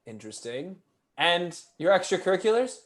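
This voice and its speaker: A man's voice: high voice, big pitch swings, normal speed. A man performing live improv comedy in a dry, blunt, mock-stern way.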